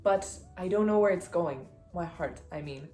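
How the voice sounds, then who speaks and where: Woman reading an embarrassed teen boy, defensive; lowish voice, echoey room. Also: moderate pace, mellow, soft background music, close to an everyday voice. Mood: flustered. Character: flustered teenage boy hero, awkward. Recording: roomy echo.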